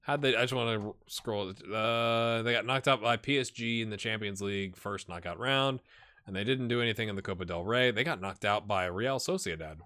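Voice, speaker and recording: A man hosting a gaming channel, thinking aloud in casual commentary and talking straight to his virtual players. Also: brisk. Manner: animated, jumps high when excited.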